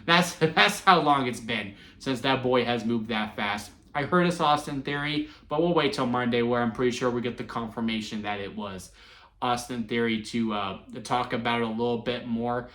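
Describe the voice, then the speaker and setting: A wrestling reviewer from Texas chats his way through an event in a casual solo review, animated and loose, laughing often and full of restarts and fillers. His voice sits at an ordinary middle pitch and moderate pace, and the room sounds echoey.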